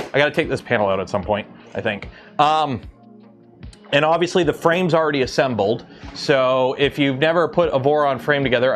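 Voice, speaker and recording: A man streaming live from his workshop, chatting casually and thinking aloud as he builds a 3D printer. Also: on the high side. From Canada.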